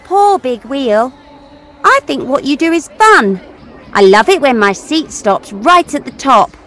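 Cheeky little girl, played by a woman: high, bouncy, teasing, sing-song delivery for a kids' story. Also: sing-song, measured pace, a faint crowd, full character voice. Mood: playful. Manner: bright, sing-song and playful. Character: cheeky young girl who teases machines. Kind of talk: children's audio story acting.

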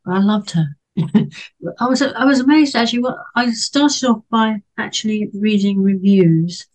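Woman, book club panelist, casual discussion, chatty, hesitant, many fillers and restarts, mid-pitched voice. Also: normal speed, darkish tone, low-quality recording.

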